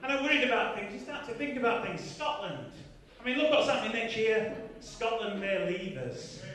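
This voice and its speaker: A man's voice: high-pitched, animated, moderate pace, background noise. A man in his fifties performing a stand-up comedy routine, chatty and teasing the crowd with tag questions. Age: 50s. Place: large comedy venue, live audience. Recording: echoey venue from far off with crowd. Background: audience laughter.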